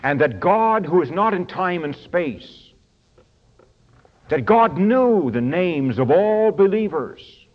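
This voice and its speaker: A man preaching a sermon in an auditorium, working through a study booklet, stretching key words slowly and rushing through asides. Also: high-pitched, big pitch swings, lo-fi sound. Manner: emphatic, swings between slow stressed phrases and quick asides. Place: large auditorium.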